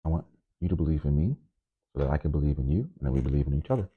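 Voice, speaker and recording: Low-voiced guy rambling on his vlog, nervous, jumps into squeaky loud bits, sounds like a phone line. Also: racing, breathy edge. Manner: rambling, animated, swings suddenly into high loud bursts; nervous on camera. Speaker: DJ and vlogger. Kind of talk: casual vlog monologue. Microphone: microphone.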